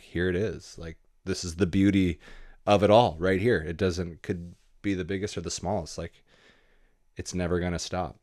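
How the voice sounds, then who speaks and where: Deep-voiced laid-back man. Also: darkish tone. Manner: laid-back, swearing, acts out dialogue. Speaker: guest photographer. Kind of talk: casual storytelling interview.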